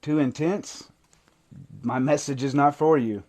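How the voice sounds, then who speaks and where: Man, high voice, impassioned, emotional, preachy, livestream coach. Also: steady tone, a little slow. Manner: emotional and preachy, swings from intense to hushed. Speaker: recovery coach. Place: TikTok live stream.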